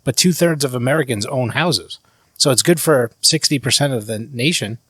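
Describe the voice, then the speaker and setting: A man, a mortgage professional guest, explaining the housing market in a measured way on a podcast. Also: mid-range voice, fairly bright tone, slightly rough, dry recording.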